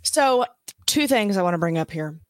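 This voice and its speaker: A woman co-hosting a podcast, ranting about a movie with profane, animated delivery. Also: medium pitch, normal speed, no room sound, studio quality. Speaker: podcast co-host. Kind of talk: casual movie talk.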